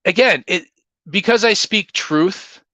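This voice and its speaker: A man's voice: sits high, slow, sharp tone, no room sound. A man hosting a casual livestream Q&A, talking in a blunt, opinionated, rambling way. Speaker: livestream host.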